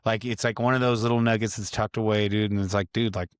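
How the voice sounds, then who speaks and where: A man's voice: on the low side, steady tone, fast, clean tone, no room sound, clean studio sound. A man in his thirties from California, a podcast guest telling stories in a rambling, profane way full of slang. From Grass Valley, California. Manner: profane, slangy storytelling full of dude and bro. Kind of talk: casual podcast chat.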